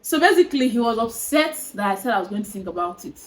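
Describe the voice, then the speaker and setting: A young woman tells a dating story to her viewers, animated and exasperated. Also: a little high, fast talker, rough recording. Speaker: vlogger. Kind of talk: storytime vlog.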